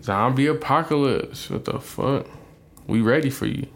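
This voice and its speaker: A young man co-hosting a casual podcast, his voice sitting at an ordinary middle pitch. He talks bluntly with a lot of swearing, and he gets loud and animated when something winds him up. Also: normal speed, creaky. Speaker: podcast co-host. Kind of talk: casual couple podcast chat.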